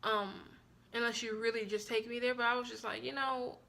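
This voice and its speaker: A young woman telling a personal story on her vlog in a frank, blunt and profane way, with an animated and expressive delivery. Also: a little high, a little fast, vocal fry, very noisy. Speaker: vlogger.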